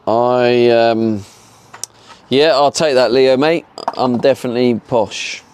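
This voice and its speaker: A man's voice: medium pitch, fairly even intonation, slow pace, a little mellow, smooth. A man, chatting casually with his stream audience while he works, laid-back and full of fillers. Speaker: livestreamer building a camper van. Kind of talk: casual chat.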